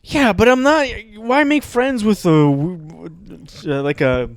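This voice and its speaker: Excitable, stammering young man. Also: high voice, a little slow. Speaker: podcast co-host. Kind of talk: casual comedic banter.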